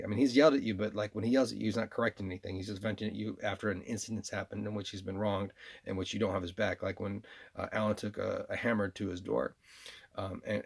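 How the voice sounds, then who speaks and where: A man's voice: on the low side, vocal fry. A man with a New York accent in a rambling spoken monologue, repeating himself and restarting often as he addresses absent listeners. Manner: rambling and repetitive, with frequent restarts and laughs.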